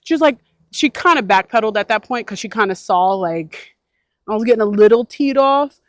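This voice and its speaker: A woman's voice: medium pitch, brisk, no room sound. Chatty woman vlogger telling a story. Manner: animated, chatty, many filler likes. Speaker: van life vlogger. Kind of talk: casual storytelling to camera.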